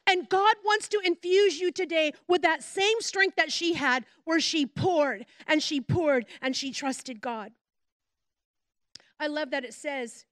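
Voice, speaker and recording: A woman pastor with a very high, bright-sitting voice delivers an emphatic sermon, slowing down to press on key words. She tells stories with expressive quoted voices. The sound is close and dry, with no room around it. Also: dry recording. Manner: warm storytelling with voiced quotes.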